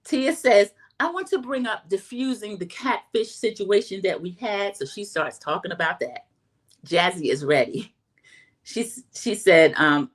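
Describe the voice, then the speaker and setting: A woman's voice: medium pitch, lively intonation, normal speed. A middle-aged woman hosting a casual livestream recap, chatting straight to her viewers. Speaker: host.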